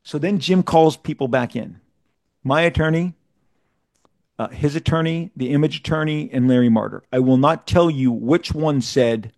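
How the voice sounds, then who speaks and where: A man being interviewed, telling a long story in a casual, animated way, often restarting and repeating words as he goes. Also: on the high side, moderate pace, no room sound, clean studio sound. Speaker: interview guest.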